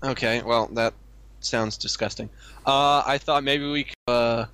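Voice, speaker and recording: A man co-hosting a comedy show, answering his partner's jokes with dry, mock-proper remarks and halting fillers. His voice sits in a middle register and sounds close and dry, with no room around it. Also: medium pitch, fairly even intonation, fairly bright tone, clear, resonant tone, no room sound. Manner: dry, mock-prim, hesitant with many uh fillers. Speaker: co-host. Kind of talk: crude comedic banter.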